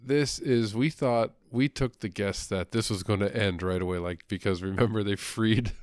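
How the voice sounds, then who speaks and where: A man's voice: on the low side, moderate pace, darkish tone, no room sound, clean studio sound. A man co-hosting a podcast in casual chat, joking, laughing and swearing as he talks. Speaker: podcast co-host.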